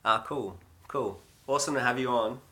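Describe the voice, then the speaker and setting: A man's voice: medium pitch, moderate pace, sharp tone. A man in his thirties from Australia with an Australian accent, chatting casually to viewers on a livestream in a rambling way. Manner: rambling and chatty, with many fillers. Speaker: livestream host.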